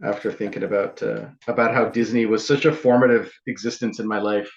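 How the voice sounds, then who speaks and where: A man's voice: fairly low pitch, fairly even intonation, a little fast, gravelly, echoey room, dull audio. A man from Canada co-hosting a casual podcast, bantering and joking. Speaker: podcast co-host.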